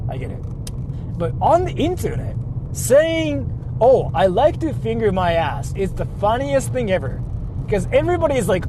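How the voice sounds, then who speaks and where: Animated Japanese-accented man chatting while driving. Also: high voice. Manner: animated, crude joking, frequent "like" fillers. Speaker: YouTuber. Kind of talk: casual chat while driving. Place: inside a car in city traffic. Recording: noisy car recording.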